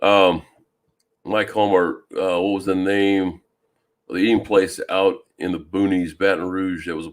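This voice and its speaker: A man from Louisiana hosting a fishing live stream, chatting casually and greeting viewers by name with a deep voice and plenty of ums. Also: little pitch movement, unhurried. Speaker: fishing channel host. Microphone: new microphone.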